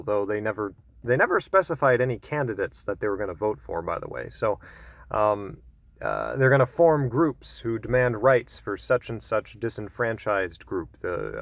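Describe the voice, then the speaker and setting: A man's voice: medium pitch, no room sound. A man giving a casual solo commentary, rambling with many fillers and self-corrections, with dry, wry asides.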